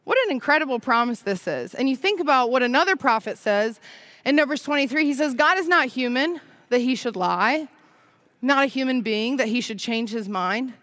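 A woman in her thirties preaching a conversational sermon, full of "right?" and "like" and quick laughs as she tells stories. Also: high-pitched, expressive, a bit bright. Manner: chatty, frequent "right?" and "like", laughs while telling stories.

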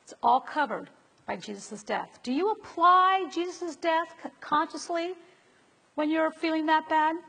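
High, gravelly woman preaching in a hall. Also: unhurried, pushed and bright. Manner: asks the audience rhetorical questions. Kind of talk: conversational sermon. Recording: long reverb of a large hall.

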